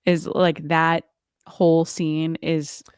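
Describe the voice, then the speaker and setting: Her voice is deep, darkish, clear and resonant, with a level tone and slow pace. She co-hosts a podcast in casual chat, chatty and full of "like," using playful voices for quotes. Dry, studio-quality recording.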